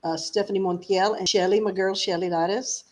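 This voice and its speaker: A woman singer chats through an interview, spinning stories with a quick, lively delivery and frequent laughter. Her voice sits at an ordinary middle pitch for a woman. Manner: lively, chatty storyteller who laughs often. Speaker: singer guest. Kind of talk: casual interview chat.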